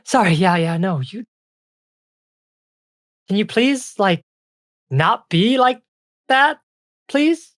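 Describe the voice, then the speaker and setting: A game master voicing an impatient young female ice fairy who talks high, loud and in rapid bursts. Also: lively intonation, dry recording, studio quality. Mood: exasperated.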